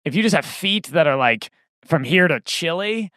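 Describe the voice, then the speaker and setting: A man hosting a casual podcast, chatty and quick to laugh. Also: on the high side, animated, a bit bright, dry recording, clean studio sound. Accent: put-on Boston accent in the outro. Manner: chatty, laughs easily, reads the outro. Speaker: podcast host. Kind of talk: casual chat.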